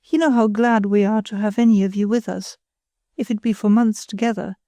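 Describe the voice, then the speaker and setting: A woman's voice: mid-range voice, fairly even intonation, a little fast, mellow, no echo, studio quality, natural voice. A woman reading the part of a pretentious, self-satisfied married woman who chatters condescendingly. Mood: patronizing.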